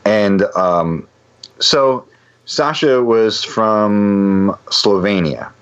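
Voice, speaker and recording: A man, a guest musician, telling a story on a casual podcast in an animated, rambling way with many restarts. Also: lowish voice, drawn-out words, clear, resonant tone. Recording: dull lo-fi sound.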